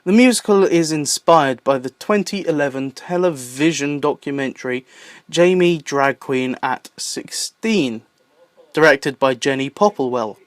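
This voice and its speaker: Excitable young Southern English man. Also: on the high side, measured pace, dry recording. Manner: playful, excitable asides. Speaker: YouTube host. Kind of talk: enthusiastic list-video narration.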